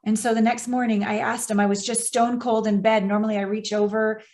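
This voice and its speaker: A podcast host, a woman with a fairly high voice, speaks earnestly and sounds close to tears. She opens up in a heartfelt conversation, affirming her guest as she goes. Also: flat delivery, a little fast, darkish tone. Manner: earnest, tearful, affirming listener. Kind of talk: emotional interview conversation.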